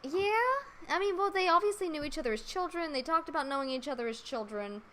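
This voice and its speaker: A woman's voice: high-pitched, animated, a little fast, a bit bright, a little hiss or hum, rough recording. A woman co-hosting a casual fan podcast, chatty and laughing often. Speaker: podcast co-host.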